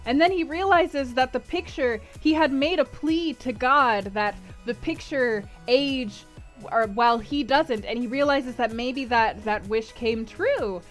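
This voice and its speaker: High-voiced woman streamer, chatty, says like a lot, soft music behind. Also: a little slow. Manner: chatty, lots of fillers and "like". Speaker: streamer hosting a book club. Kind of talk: casual recap of a novel.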